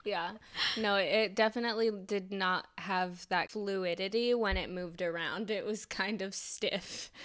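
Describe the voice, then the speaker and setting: A woman co-hosting a casual film podcast, telling stories in an animated way with lots of asides. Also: mid-range voice, unhurried. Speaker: podcast co-host. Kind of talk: casual chat about films.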